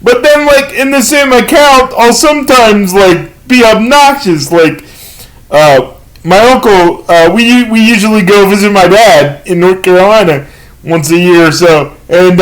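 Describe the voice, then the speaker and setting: Male amateur comic, slightly high voice, halting delivery full of fillers, self-deprecating. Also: rough recording. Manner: halting, with many pauses and fillers. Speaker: amateur comedian. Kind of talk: self-recorded stand-up comedy monologue.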